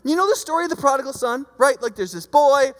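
A preacher giving a casual, conversational sermon, lively and acting out the voices of people in the stories. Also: high-pitched, fast. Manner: animated, acts out quoted voices. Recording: long reverb of a large hall.

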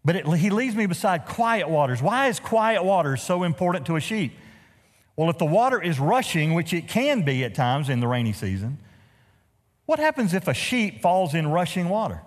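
A man's voice: fairly high pitch, moderate pace, big-room sound. A man preaching a sermon as pastor, telling stories with humorous asides. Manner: animated storytelling with humorous asides. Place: church sanctuary.

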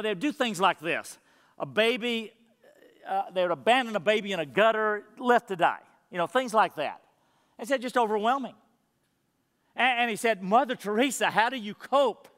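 A man's voice: high voice, fairly bright tone, in a large hall. A man preaching a sermon to his church, earnest and emphatic, repeating phrases for weight. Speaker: pastor.

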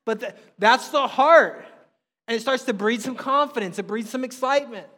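Man, middle-aged, pastor, conversational sermon, emphatic, high voice, long hall reverb. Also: normal speed. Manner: animated, conversational preaching with emphatic rises.

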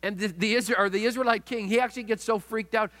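Middle-aged male pastor, high-pitched, storytelling sermon, reverberant hall. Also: steady tone, fast talker. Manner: storytelling, dramatic shifts in loudness.

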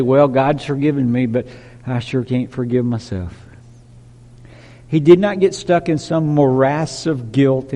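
A man preaching a sermon, emphatic, dropping to a hush and rising to loud declarations. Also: on the high side, long reverb tail. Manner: emphatic, swinging from hushed to loud.

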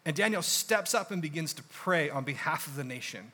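A young adult man preaching a sermon in a conversational, animated storytelling way with casual asides. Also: on the high side, normal speed. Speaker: pastor.

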